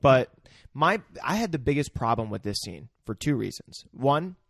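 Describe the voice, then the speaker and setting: A man's voice: mid-range voice, very animated, normal speed, vocal fry, no echo, studio quality. A man co-hosting a podcast, talking through a film scene in casual chat. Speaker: podcast co-host. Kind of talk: casual movie discussion.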